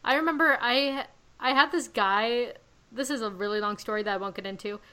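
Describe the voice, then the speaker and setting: A woman hosting a pop culture podcast, chatting casually and telling animated stories. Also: on the high side, a little fast, clean tone, poor audio. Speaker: podcast host. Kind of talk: casual chat.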